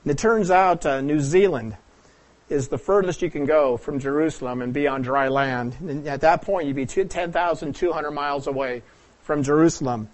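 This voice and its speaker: A man from the Pacific Northwest of the United States preaching a sermon, talking it through like a teacher, asking the audience questions and often clearing his throat. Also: fairly high pitch, normal speed.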